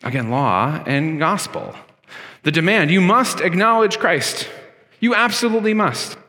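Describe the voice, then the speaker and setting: Bright-voiced male pastor preaching in a reverberant hall. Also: a little high, lively intonation, a little slow. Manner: conversational preaching, with frequent fillers and emphatic swings. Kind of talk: sermon. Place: church sanctuary.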